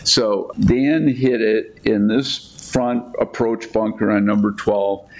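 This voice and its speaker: A man, a golf course architect, telling lively anecdotes in casual chat, acting out the people he quotes. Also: lowish voice, takes it slowly. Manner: animated anecdotes with quoted voices, frequent restarts.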